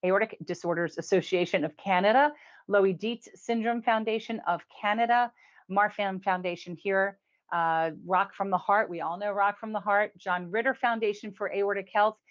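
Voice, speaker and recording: A woman hosting a casual weekly review show. She talks in a chatty way, laughs often and drops in quick asides. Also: mid-range voice, highs cut off. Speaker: host.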